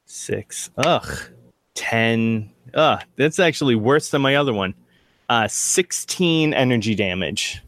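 A man at a tabletop game talks slowly, stumbling and restarting, his pitch swinging widely when the dice turn his way. The sound is dry and close, with no room echo. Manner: hesitant, restarts, excited by rolls. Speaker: player. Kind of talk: casual game chat.

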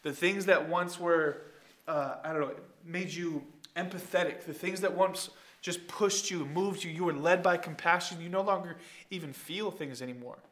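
Man preaching with a bright, forceful voice. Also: on the high side, moderate pace. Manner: emphatic preaching, swings from soft asides to loud calls; talks straight to the congregation. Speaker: pastor. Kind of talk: sermon.

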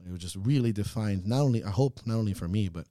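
A man co-hosting a podcast, talking in an earnest, reflective way that swings into loud, laughing rants. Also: on the low side, quick pace, dry recording, clean studio sound. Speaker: podcast co-host. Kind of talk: casual reflective chat.

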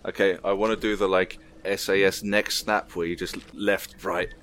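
Deep-voiced man playing a tabletop game. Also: little pitch movement, moderate pace, fairly bright tone. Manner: casual, brash. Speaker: player. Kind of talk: casual tabletop game chat. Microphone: online call.

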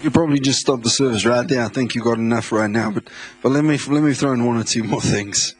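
A man from South Africa, a visiting pastor, preaching a sermon in a church, excitable, laughing often and repeating words. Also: mid-range voice, quick pace. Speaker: guest pastor.

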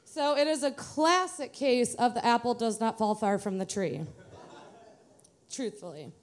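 A woman's voice: fairly high pitch, unhurried. A young adult woman from the Detroit area, telling a live personal story to an audience in a chatty, self-mocking way. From Metro Detroit, USA.

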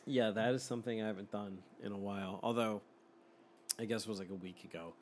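A man's voice: lowish voice, steady tone, quick pace, a little hiss or hum. Laughing, swearing man telling a story. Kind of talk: casual storytelling chat.

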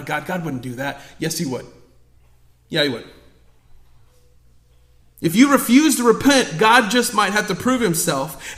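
A young man preaching a sermon as pastor, emphatic, dropping to hushed asides and rising to loud appeals. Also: extremely high pitch, roomy sound. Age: young adult. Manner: emphatic, swings between hushed asides and raised exhortation. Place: church sanctuary.

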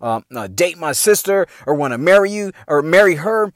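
A man in his forties tells a rowdy family story for his podcast, cursing freely and laughing between lines. His voice sits high and swings widely as he acts out the scene. The sound is close and dry. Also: normal speed, no echo. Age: 40s. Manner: animated, swearing, laughs often, acts out quotes. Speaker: podcast host. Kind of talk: profane comic family storytelling.

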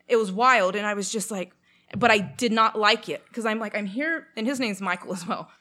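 Speaking at a normal speed in a mid-range voice, a young woman from Canada chats casually through a lengthy personal story. Her delivery is lively, packed with filler words and dramatized quotations.

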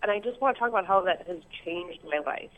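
A woman calling in to a show, talking excitedly and rambling with lots of ums, heard over a phone-like internet line. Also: fairly low pitch, fast talker. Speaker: caller. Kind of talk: call-in chat.

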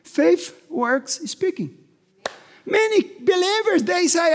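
High-voiced pastor preaching fervently, hall reverb. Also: male voice, expressive, takes it slowly. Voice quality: non-native English, slightly broken grammar. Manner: fervent preaching, often shouting and laughing. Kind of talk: sermon. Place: church hall.

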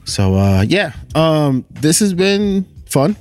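Male podcast co-host, animated pitch, joking casual banter from a parked car. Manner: joking, quick to laugh. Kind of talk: casual chat.

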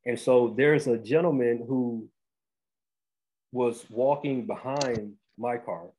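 A man, hosting a podcast and telling a story in animated casual chat, often restarting and saying "bro". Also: medium pitch, slow pace, a little hiss or hum, poor audio. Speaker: podcast host.

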